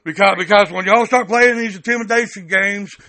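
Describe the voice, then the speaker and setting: A man's voice: high voice, a little fast, bright, forceful tone. A man on a heated phone call, blunt and angry, stammering and cursing as he complains. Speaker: caller, activist recording his calls.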